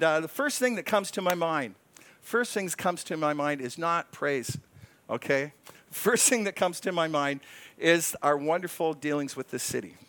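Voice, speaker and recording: Pastor, male, slightly high voice, earnest, chatty sermon with frequent restarts. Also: a bit bright. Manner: earnest, conversational preaching with stumbling restarts.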